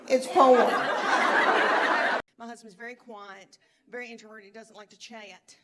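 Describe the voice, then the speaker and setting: A woman's voice: mid-range voice, steady tone, brisk, very noisy. A middle-aged woman doing stand-up comedy, telling stories in a chatty drawl and acting out quotes. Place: stage before a live audience. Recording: live show with loud crowd. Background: audience laughter.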